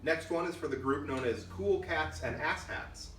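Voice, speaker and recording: A man's voice: fairly high pitch, lively intonation, normal speed, fairly bright tone. A man reading backer questions aloud in a casual, dry, matter-of-fact way. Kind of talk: casual chat. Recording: echoey room from far off, faint noise.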